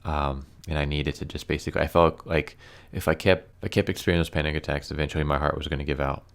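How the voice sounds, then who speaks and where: A man talking casually and earnestly to camera, halting often with fillers and restarts. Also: extremely low pitch, flat delivery. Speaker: YouTuber reviewing comics. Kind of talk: casual personal commentary.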